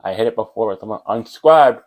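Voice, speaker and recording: A young man, rambling and animated as he tells a casual storytime about school. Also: fairly low pitch, fast talker, poor audio. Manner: animated, rambling, with fillers like whatever and blah blah. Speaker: vlogger.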